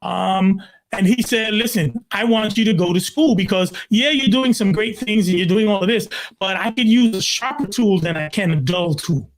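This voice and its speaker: A man in his sixties from Brooklyn, a pastor telling his life story in an interview, emphatic and animated, leaning on "literally" and acting out his own quotes. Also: high-pitched, normal speed. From Brooklyn, New York. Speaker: pastor, guest.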